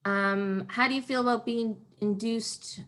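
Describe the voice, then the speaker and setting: A woman working as a doula, chatting casually through a birth plan, upbeat and quick to laugh. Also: fairly high pitch, fairly even intonation, fairly bright tone. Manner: upbeat, laughs easily, reads questions aloud. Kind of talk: casual birth-planning chat.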